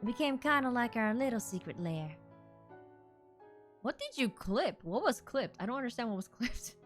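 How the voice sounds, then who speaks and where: A woman's voice: on the high side, very animated, moderate pace, faint music behind. A woman streamer chatting casually and reading game narration aloud, laughing and playfully exasperated.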